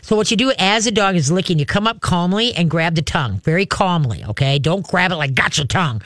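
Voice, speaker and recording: A man hosts a call-in pet show in a slightly high, folksy voice. He rambles warmly through advice, throwing in growls and playful dog voices. The sound is close and dry. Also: lively intonation, brisk, dry recording. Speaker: radio show host and pet trainer.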